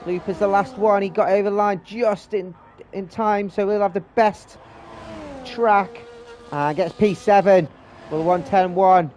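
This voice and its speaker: Excitable man calling a sim race. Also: high voice, slight background noise. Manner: excitable, breathless, rapid calls with repeated exclamations. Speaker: race commentator and league host. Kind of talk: live sim-racing commentary.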